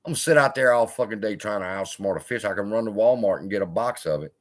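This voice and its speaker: A man's voice: lowish voice, fast. A man hosting a live investing stream, talking in a blunt, profane, storytelling way. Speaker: investing channel host.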